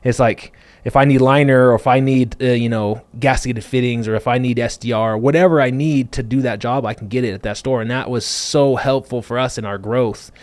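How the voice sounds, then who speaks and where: A man's voice: mid-range voice, no room sound. A man hosting a podcast, telling his business story in a loose, rambling way full of fillers. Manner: fast, animated, full of fillers like "like" and "you know". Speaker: podcast host and business owner. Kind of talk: casual conversational storytelling.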